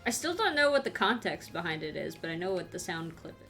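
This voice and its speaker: A woman's voice: lowish voice, very animated, fast talker, a bit bright, faint music behind. A woman streamer chatting casually and giggling often, trailing off mid-sentence.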